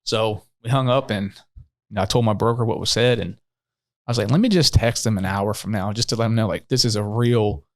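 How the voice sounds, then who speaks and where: A man's voice: on the low side, steady tone, a little fast, dry recording, clean studio sound. A man talking as a podcast guest, telling a long story in a loose, rambling way full of fillers. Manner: rambling, heavy on fillers like "you know". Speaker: real estate agent, podcast guest. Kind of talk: casual storytelling.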